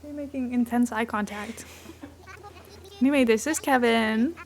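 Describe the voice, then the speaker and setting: A woman's voice: on the high side, a little slow, slight background noise. A woman streaming a game in a casual, rambling chat who keeps breaking off to coo at her cat.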